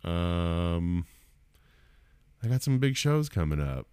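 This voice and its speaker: Deep-voiced, profane male podcaster. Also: big pitch swings, takes it slowly, darkish tone, clear, resonant tone, no room sound. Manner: profane, rambling, self-deprecating. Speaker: podcast host and stand-up comedian. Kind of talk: casual solo podcast monologue.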